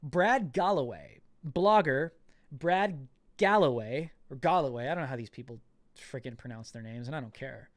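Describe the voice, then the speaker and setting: A man's voice: mid-range voice, lively intonation, moderate pace, dry recording. A man hosting a political commentary podcast, talking in an indignant, emphatic way and often repeating words. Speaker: podcast host.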